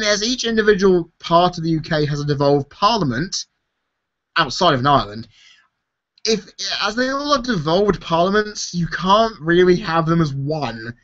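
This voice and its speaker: A worn-out YouTube host answers viewer questions in a casual live-stream Q&A, swearing easily and laughing a lot. His voice is a bit high and sharply bright, with big pitch swings at normal speed, and the stream sounds dull and lo-fi.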